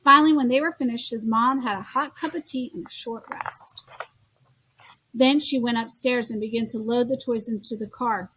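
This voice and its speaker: High-voiced woman reading picture books to kids, expressive. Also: normal speed, slightly rough. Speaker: storybook reader. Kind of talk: children's story read-aloud.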